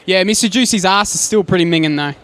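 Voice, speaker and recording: Brief: male co-host, high voice, crude teasing humor, faint noise. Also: fast talker, a bit bright. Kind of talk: joking post-show banter.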